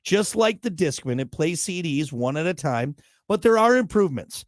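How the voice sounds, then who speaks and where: Talk host, slightly high voice, blunt and ranty, dry close sound. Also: male voice, sing-song, moderate pace, no room sound. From United States. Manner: blunt, worked-up ranting with jokey asides. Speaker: show host. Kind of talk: talk show monologue.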